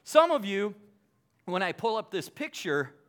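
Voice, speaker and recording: A young man speaking to a live audience, polling them with quick questions, full of halting restarts, then reading a book passage aloud. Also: sits high, sing-song, a bit bright. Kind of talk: lively talk to a crowd, reading aloud.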